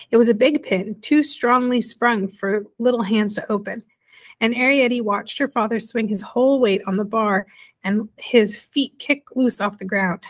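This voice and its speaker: A woman reading a children's storybook aloud in a measured way, now and then correcting herself. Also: fairly high pitch, a bit bright. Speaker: reader.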